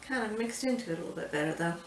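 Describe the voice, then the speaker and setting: A woman, chatty and unhurried, leading a casual home cooking tutorial in her kitchen. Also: lowish voice, expressive, distant mic, a little hiss or hum. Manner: chatty, unhurried, says "y'all". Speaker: home cooking show host. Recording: echoey kitchen, mic set back.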